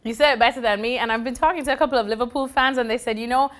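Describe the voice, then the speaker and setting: Woman host, upbeat and teasing, fairly high voice, casual sports chat. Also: very fast, a bit bright. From not from the UK.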